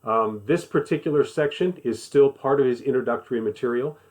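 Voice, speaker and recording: A man's voice: medium pitch, brisk, a little mellow. A man teaching a Bible study in a conversational voice, stressing points by repeating them. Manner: conversational, emphatic repetition. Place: living in the American South.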